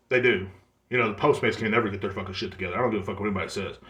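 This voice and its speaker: A man hosting his own podcast, ranting in a profane, exasperated comedic monologue with quick mimicked asides. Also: lowish voice, fairly bright tone, echoey room. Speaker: podcast host. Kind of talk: solo comedic rant.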